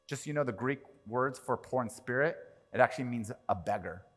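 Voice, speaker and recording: A man preaching a sermon as pastor, animated, swinging from quiet to loud and acting out quoted prayers. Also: medium pitch, a little fast. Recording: long reverb of a large hall.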